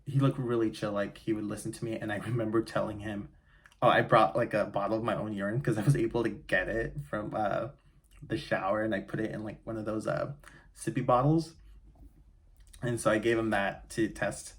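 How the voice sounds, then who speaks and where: A man's voice: on the low side, fairly even intonation, brisk. A man telling a painful personal story in a candid, casual way, full of fillers and restarts. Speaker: vlogger.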